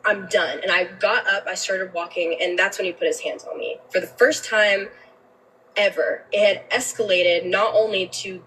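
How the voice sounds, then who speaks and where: A woman's voice: mid-range voice, fairly even intonation, normal speed, a bit bright, distant mic, a little hiss or hum, low-quality recording. A woman telling a personal story on a livestream, emotional and candid, swearing freely and often restarting her sentences.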